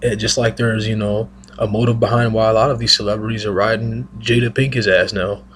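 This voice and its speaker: A man's voice: on the low side, little pitch movement, brisk, a bit bright, slight background noise. A man giving a heated, emphatic, profane monologue rant on his own channel, speaking into a single mic. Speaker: vlogger.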